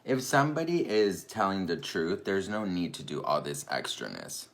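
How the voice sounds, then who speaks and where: A man's voice: low voice, big pitch swings, moderate pace, fairly bright tone. A man making an indignant video, firing off rhetorical questions and repeating his points. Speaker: YouTuber defending himself.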